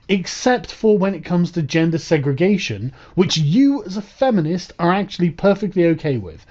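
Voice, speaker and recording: A sarcastic man talks over a clip, mocking and swearing as he picks it apart. His voice is slightly high and dark in tone. The audio is dull and lo-fi. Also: big pitch swings, moderate pace. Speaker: commentator. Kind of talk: reaction commentary.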